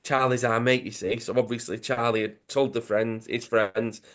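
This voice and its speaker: A man's voice: mid-range voice, moderate pace. A man with a Dudley accent casually retelling a football comic story on a podcast, acting out the quotes. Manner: animated storyteller, acts out quotes with self-corrections. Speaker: podcast co-host.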